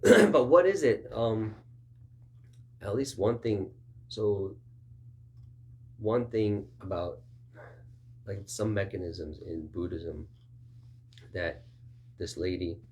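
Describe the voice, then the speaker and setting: This pastor preaches conversationally, acting out both halves of small exchanges in a raised voice. He's expressive and slow, pausing often, his voice a little mellow.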